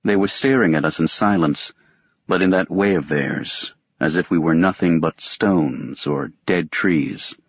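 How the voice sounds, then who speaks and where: A man reading a novel aloud as an audiobook narrator, in a measured, detached first-person telling. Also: low-pitched, husky, dry recording, lo-fi sound. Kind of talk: scripted narration.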